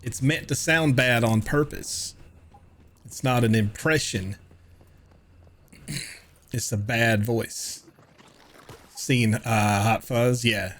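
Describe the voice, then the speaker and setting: A man's voice: mid-range voice, fairly even intonation, slow, pauses often, a bit bright, slight background noise. An older man with a Southern US accent, chatting casually and joking with viewers while he streams a game. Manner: joking banter with chat. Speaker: livestreamer.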